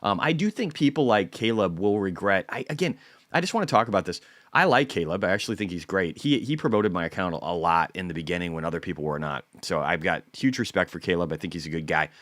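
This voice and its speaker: Low-voiced blunt male host, casual market talk, dry close sound. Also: quick pace, no echo. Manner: blunt, profane, animated.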